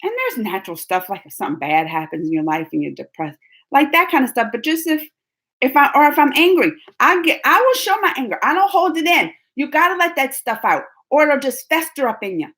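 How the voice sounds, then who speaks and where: A young adult woman hosts her channel and answers viewer questions in a casual livestream chat, her voice high-pitched and brisk. She's animated and talkative, laughs often, and restarts her sentences.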